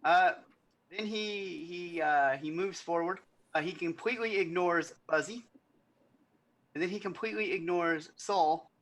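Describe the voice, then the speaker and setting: A man's voice: high voice, unhurried, a bit bright. A man narrating as game master in a tabletop game, loose and rambling, with lots of fillers.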